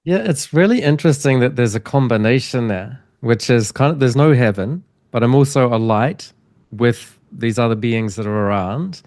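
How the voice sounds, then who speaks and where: A man's voice: mid-range voice, lively intonation, normal speed, darkish tone, no echo, clean studio sound. A man hosting an interview podcast, rambling and rephrasing his questions as he asks them. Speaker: podcast host.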